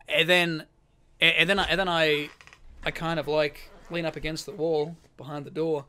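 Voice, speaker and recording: A man's voice: fairly high pitch, little pitch movement, moderate pace, bright, forceful tone, clear, resonant tone. A young man co-hosting a podcast, telling a story in casual chat, swearing freely and acting out the quotes. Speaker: podcast co-host.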